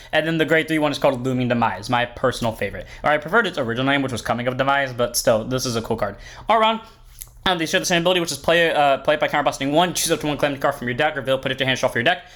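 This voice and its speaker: A man's voice: fairly high pitch, fairly bright tone. A young man hosting a card game channel, giving a rambling, upbeat deck review with frequent self-corrections. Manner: upbeat and enthusiastic.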